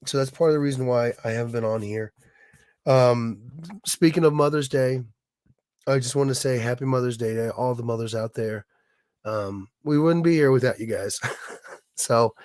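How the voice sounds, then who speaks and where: A man with a hoarse, raspy voice from being sick, chatting casually on his livestream and stumbling over restarts. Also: medium pitch, no echo, clean studio sound. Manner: halting, many restarts and fillers. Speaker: livestream host, illustrator.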